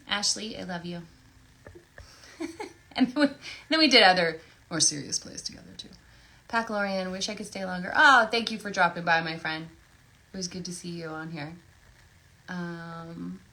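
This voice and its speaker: A woman with a slightly low voice chats through a live Q&A as she signs autographs. She is effusive and talkative, and she thinks out loud between questions. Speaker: voice actress at an autograph signing. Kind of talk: casual livestream Q&A chat.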